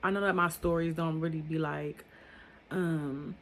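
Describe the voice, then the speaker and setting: A woman's voice: deep voice, fairly even intonation, unhurried, a little hiss or hum. A young woman telling a personal story in a casual, rambling monologue, with many filler words and loose grammar. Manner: rambling, filler-heavy talk.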